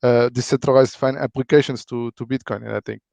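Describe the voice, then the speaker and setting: A man talking casually on a live stream, halting and full of fillers and repeated words. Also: medium pitch, steady tone, creaky, darkish tone, no echo. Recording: dry, dull lo-fi audio.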